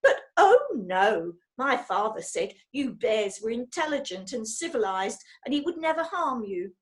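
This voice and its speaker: A woman's voice: sits high, lively intonation, pitched above the performer's own voice. A woman voicing a bitter, vengeful woman villain who snarls with rage in a storybook reading. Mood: seething. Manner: seething, snarling, slow menacing delivery.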